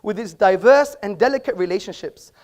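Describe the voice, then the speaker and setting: A man's voice: high voice, expressive, a little fast, darkish tone. A man speaking as a debater in a live public debate, making emphatic, rhetorical points to an audience in an auditorium.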